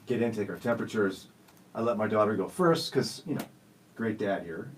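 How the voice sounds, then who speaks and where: A man's voice: on the low side, moderate pace, recorded from a distance, slight background noise, low-quality recording. A man in his forties hosting a radio show, telling stories in a jokey, self-teasing way. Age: 40s. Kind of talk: casual studio chat. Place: radio studio.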